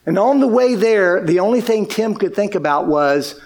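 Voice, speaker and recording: A man preaching a sermon, telling a story with lively delivery and acting out quoted lines. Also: high-pitched, normal speed, few pauses. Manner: animated, acts out quoted speech. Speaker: pastor.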